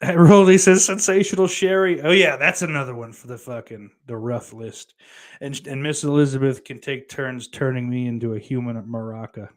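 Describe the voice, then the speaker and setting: A man's voice: mid-range voice, fairly even intonation, normal speed. A man co-hosting a podcast, reading live chat comments aloud in crude casual banter, laughing often and swearing freely.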